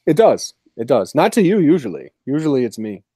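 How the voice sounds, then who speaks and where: A man's voice: mid-range voice, big pitch swings, a little fast, warm tone, slightly rough, no room sound, clean studio sound. A man co-hosting a podcast in casual chat, joking and teasing his partner. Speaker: podcast co-host.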